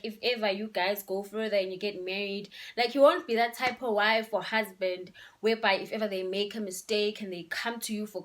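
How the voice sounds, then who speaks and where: A woman's voice: mid-range voice, a bit bright. A young woman, giving relationship advice in a casual, emphatic vlog and slipping in local words. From Eswatini. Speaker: vlogger.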